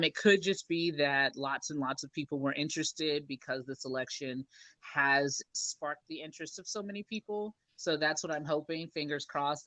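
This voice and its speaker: Tired man with a bright voice. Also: on the high side, no room sound. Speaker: guest, poll observer. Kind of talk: casual interview.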